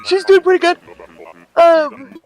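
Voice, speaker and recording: An older woman streams a life-sim game, casually chatting and telling stories while laughing frequently. Her voice is very high, steady, slow and somewhat dark in tone, with soft music playing in the background.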